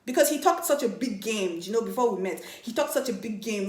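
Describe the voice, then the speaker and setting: Animated woman telling a story. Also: medium pitch, fast talker, few pauses. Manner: animated, laughing, mimics voices in quotes. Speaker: vlogger. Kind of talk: casual storytelling. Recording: echoey room.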